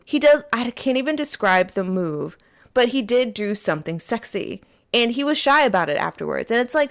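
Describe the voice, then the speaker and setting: A woman hosts a casual fan commentary monologue, speaking straight to her listeners in a playful, animated way. Her pitch swings up and down with plenty of life. She records from a small closet. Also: moderate pace. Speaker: host.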